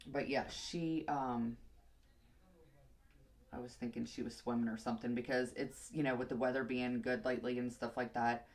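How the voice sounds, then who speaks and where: A woman's voice: a bass voice, steady tone, moderate pace, a little hiss or hum. A young woman vlogger telling a long casual story while doing her hair, rambling and chatty, sometimes muttering to herself.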